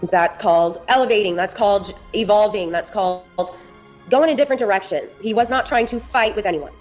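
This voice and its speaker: A woman's voice: medium pitch, brisk, a little mellow. A woman with a mid-range voice lays out her side of a feud on a livestream. She argues firmly and steadily, with faint music playing behind her. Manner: firm, argumentative. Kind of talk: explaining on a livestream.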